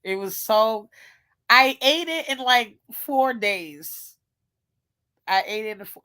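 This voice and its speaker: A woman in casual chat, animated and gushing, with informal slangy speech and lots of exclamations. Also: fairly high pitch, slow pace, long pauses.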